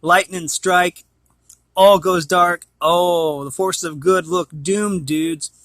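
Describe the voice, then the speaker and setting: A man putting on a loud Scottish storybook voice, excitable, booming, slightly high. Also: slow pace, no echo. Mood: booming excited. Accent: Scottish, put on. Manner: loud, booming, dramatic read-aloud.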